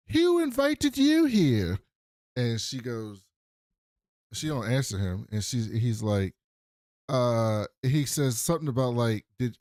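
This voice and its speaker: A man co-hosting a podcast, retelling a TV episode in an animated way and acting out the quotes loudly. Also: medium pitch, no echo, studio quality. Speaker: podcast co-host. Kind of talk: casual TV recap chat.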